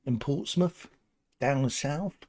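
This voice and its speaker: A man's voice: mid-range voice, slow pace, darkish tone. A middle-aged man from England, hosting a live trading stream, talking casually through the chart, thinking aloud and joking with viewers in chat. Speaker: livestream trader and channel host.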